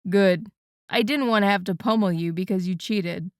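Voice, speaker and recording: A playful young man who teases and jokes easily, as a woman reads him. Her voice stays clear and smooth, in a dry, close recording. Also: medium pitch, normal speed, dry recording, close to an everyday voice. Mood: earnest. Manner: playful, teasing. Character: joking adult man, teasing brother-in-law. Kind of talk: audiobook character voice.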